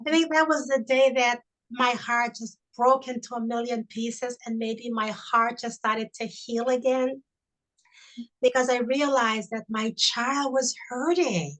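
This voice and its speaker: A middle-aged woman, a bereaved mother and founder of an institute, speaking earnestly and reflectively over a video call, with halting restarts. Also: a little high, steady tone, fairly bright tone, low-quality recording. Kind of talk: conversational webinar storytelling.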